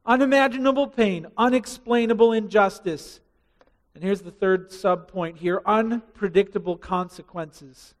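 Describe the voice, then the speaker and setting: A man preaching a sermon with passion, building to loud rising emphasis and dropping to hushed asides. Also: sits high, a little slow, in a large hall. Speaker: pastor.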